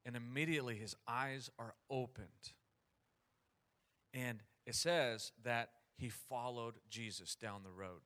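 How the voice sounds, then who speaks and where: A man preaching a sermon as pastor, energetic and calling out to his congregation. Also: mid-range voice, a little slow.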